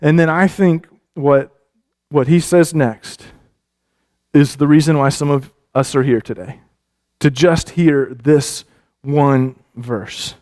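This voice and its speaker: A male pastor giving a sermon, telling a scripture story with animated, repetitive phrasing and frequent restarts. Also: on the high side, slow pace.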